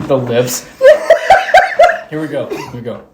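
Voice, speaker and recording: A man's voice: medium pitch, slow pace, heavy background noise. A man co-hosting a casual podcast, laughing often as he slips into celebrity impressions. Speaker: podcast co-host.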